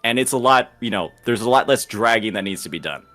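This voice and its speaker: A man's voice: lowish voice, lively intonation, fast, a bit bright, soft background music. A man arguing his view as a guest in a casual online debate, rambling and swearing, full of "like". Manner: rambling, swears, heavy use of "like".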